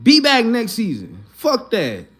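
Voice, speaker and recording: A man's voice: very high-pitched, wildly swooping pitch, unhurried, fairly bright tone, breathy edge. A man talking in a casual, profane, repetitive rant, upset and fired up after his team lost. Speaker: Eagles fan. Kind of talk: casual venting monologue.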